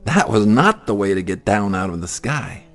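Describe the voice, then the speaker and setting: Reading at a normal speed in a fairly low voice, a man performs a children's picture book with lively, sing-song expression.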